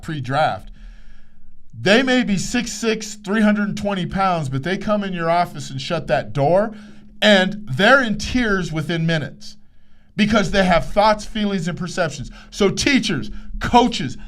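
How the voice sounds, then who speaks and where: A man hosting a motivational podcast, telling a story and acting out the dialogue. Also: sits high. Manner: animated, acts out quoted dialogue. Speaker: podcast host, sports psychologist.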